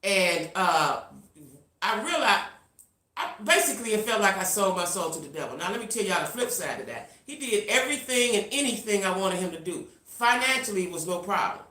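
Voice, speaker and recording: A middle-aged woman hosts a casual live stream, telling a story in an animated way and chatting with her viewers as she reads their comments. Her voice is bright and a little tense, set at an ordinary pitch. The sound carries a roomy echo. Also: a little fast. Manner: animated, talks straight to viewers. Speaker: livestream host.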